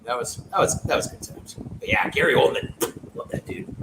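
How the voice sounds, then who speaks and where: A man co-hosting a casual horror podcast, talking loosely and rambling, with frequent swearing. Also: a little fast. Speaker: podcast co-host. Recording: echoey room with background noise.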